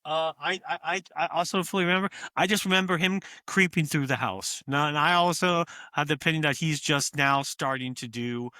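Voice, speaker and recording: A man co-hosting a podcast, chatting about a horror film, halting and stammering as he recalls scenes. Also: on the high side, pushed and bright, no room sound. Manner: halting, stammering, lots of yeahs. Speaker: podcast co-host. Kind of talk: casual chat about a film.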